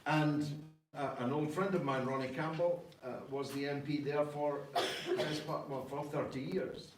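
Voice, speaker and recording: A man's voice: on the high side, steady tone. Male political speaker, slightly raised voice, emphatic rhetoric, recorded from afar with faint noise behind. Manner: emphatic, rhetorical, frequent "uh" pauses. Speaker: party leader answering questions. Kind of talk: political talk to an audience. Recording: echoey room, distant mic, faint noise.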